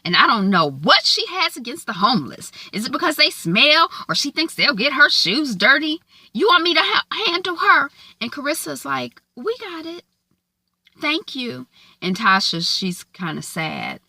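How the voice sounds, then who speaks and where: A woman chats her way through an episode recap, voice bright and fairly high, leaping around as she plays each character. The sound is dry and close, with no room around it. She keeps it loose and gossipy. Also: normal speed, breathy edge, no echo. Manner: animated, acts out characters' lines with big pitch jumps. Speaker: TV recap host.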